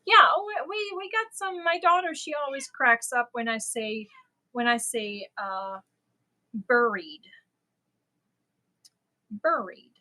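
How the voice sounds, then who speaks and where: A woman's voice: high voice, normal speed, bright, forceful tone, poor audio. A middle-aged woman whose first language is not English, chatting casually and laughing at herself while hosting a livestream. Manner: chatty, self-deprecating, laughs often. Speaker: livestream host. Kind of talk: casual livestream chat with viewers.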